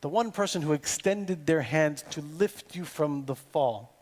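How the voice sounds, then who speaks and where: A male cantor delivers his sermon at an unhurried, measured pace, his slightly high voice carrying into the long reverb of a big sanctuary. He repeats phrases deliberately, almost like verse, and soft music sits faintly underneath. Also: lively intonation. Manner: slow, deliberate delivery with poetic repetition. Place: synagogue sanctuary.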